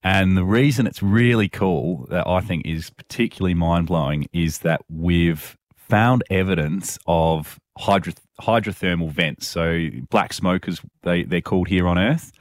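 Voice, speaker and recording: A man's voice: low-pitched, unhurried, few pauses, no room sound, studio quality. A man chatting as a guest, hesitant with many restarts, enthusiastic about space. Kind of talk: casual chat.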